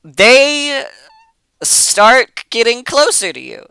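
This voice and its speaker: Chatty game master with a bright voice. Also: medium pitch, big pitch swings, drawn-out words, creaky, clear, resonant tone, no room sound, poor audio. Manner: hesitant, many fillers and restarts, casual swearing. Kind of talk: narrating a tabletop game.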